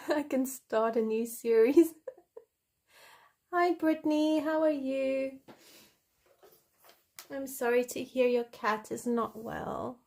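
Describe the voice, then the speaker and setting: A woman's voice: high voice, slow pace, long pauses, darkish tone. Playful woman chatting on a livestream. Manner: giggly and playful. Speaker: livestream host. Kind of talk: casual chat while coloring, improvising a story.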